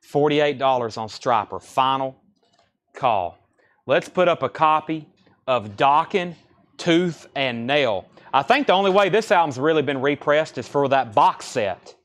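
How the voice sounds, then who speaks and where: A man hosting a live record sale, chatting informally and rattling off buyer names, album titles and prices in quick succession. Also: on the high side, animated. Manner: chatty and informal between listings. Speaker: record store host running a live sale. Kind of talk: live-stream sales patter.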